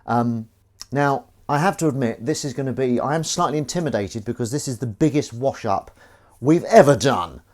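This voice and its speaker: A man hosting a livestream chats casually and jokes with viewers while washing up, greeting them by name amid clinking dishes and cutlery. His voice is mid-range and darkish in tone, animated, at a moderate pace.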